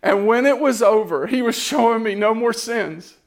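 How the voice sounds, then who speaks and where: A man's voice: extremely high pitch, moderate pace. A man giving an impassioned, earnest sermon testimony, repeating phrases as he builds.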